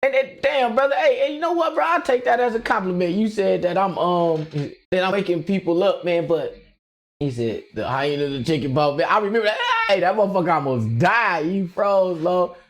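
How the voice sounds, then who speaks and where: A man streaming casually, rambling excitedly with lots of slang and frequent laughter as he reacts to his chat. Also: high-pitched, fairly quick. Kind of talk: casual livestream rant.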